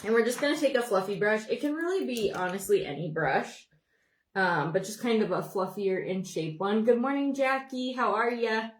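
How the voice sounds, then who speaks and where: With a mid-range voice, lively intonation and a moderate pace, a young woman from Montana rambles through a casual makeup livestream and greets viewers by name. The sound is roomy.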